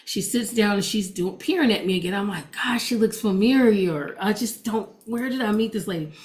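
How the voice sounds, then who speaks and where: Telling her personal testimony to an audience, a woman who preaches and works as a gospel DJ chats along at a moderate pace. Her medium-pitched voice is a little mellow, and she performs the dialogue in her story.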